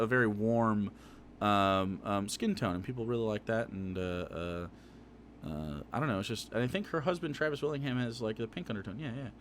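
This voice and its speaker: A man's voice: lowish voice, a bit bright, slight background noise. A man live-streaming his reaction to a video, swearing freely, laughing and talking back at the screen.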